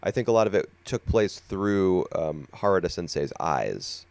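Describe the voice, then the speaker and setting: A sleepy man co-hosting a casual podcast chat, talking things through in an unhurried, thoughtful way with plenty of fillers. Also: low voice, big pitch swings, vocal fry, a little mellow, no room sound. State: sleepy, yawning. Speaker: podcast co-host.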